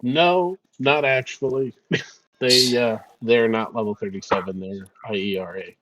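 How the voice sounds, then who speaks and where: A man at the table of a role-playing game chats casually about rules and answers in character with quick amusement. His voice sits low, and the recording is dull and lo-fi. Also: fairly even intonation, a bit bright. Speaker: player. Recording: dull lo-fi sound.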